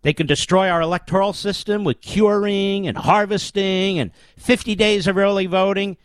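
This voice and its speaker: Talk show host guy ranting about politics, kinda high voice, super emphatic, keeps repeating himself, dry sound no echo. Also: fairly even intonation, normal speed, clean tone. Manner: emphatic, declamatory, heavy rhetorical repetition. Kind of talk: political commentary monologue.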